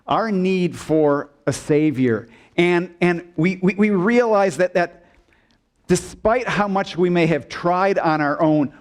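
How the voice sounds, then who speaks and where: A man preaching a sermon in a church sanctuary, his fairly high voice swinging widely as he stresses his points. He speaks slowly and deliberately, stopping to put questions to the congregation and inviting them to answer aloud. At key moments he drops to a low, quiet delivery. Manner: asks the congregation questions and prompts call-and-response; expressive preaching, dips low and soft for emphasis. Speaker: pastor.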